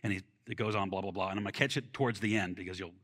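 A man preaching a sermon in an animated, conversational way, with bursts of excitement. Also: low-pitched, rapid-fire. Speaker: pastor.

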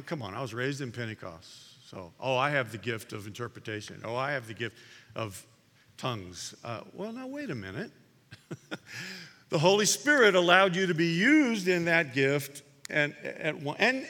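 A man's voice: fairly high pitch, a bit bright. A man preaching a sermon in a conversational way, animatedly retelling stories to his congregation. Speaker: pastor. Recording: long hall reverb.

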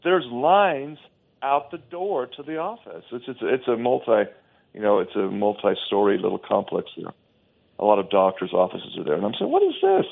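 A man's voice: lowish voice, normal speed, creaky. A man talking emphatically and scornfully as a guest on a talk show, often restarting his sentences, heard over a phone line.

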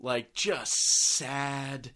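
A man's voice: mid-range voice, fairly even intonation, extremely slow, sharp tone. A man co-hosting a podcast, talking with sarcastic, profane banter and frequent laughter. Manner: sarcastic, swearing, laughs often. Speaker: podcast co-host.

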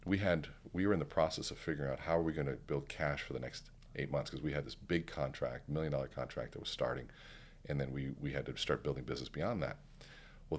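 A man with a very low, slightly husky voice tells a story at a quick clip as a podcast guest. He acts out each line people said to him, and his voice swings up when he gets animated. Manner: animated, acts out quoted dialogue. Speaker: podcast guest, keynote speaker. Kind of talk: storytelling in casual conversation.

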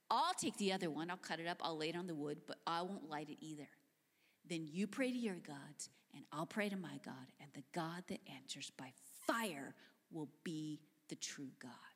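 A woman voicing a bold male prophet who speaks with calm, measured confidence and a teasing edge. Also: sits low. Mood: calm resolve. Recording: long hall reverb.

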